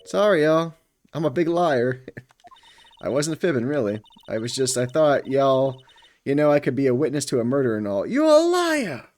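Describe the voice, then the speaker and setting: A man reading the lines of a chatty young female photographer witness, fairly low for the part. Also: big pitch swings, normal speed, a little mellow, close to an everyday voice. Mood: sheepish. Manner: chatty, rambling, folksy.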